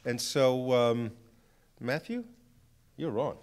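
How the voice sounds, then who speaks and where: A man, a minister, welcoming a church crowd and introducing staff in an unhurried way. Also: medium pitch, a little mellow, clear, resonant tone. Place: church sanctuary.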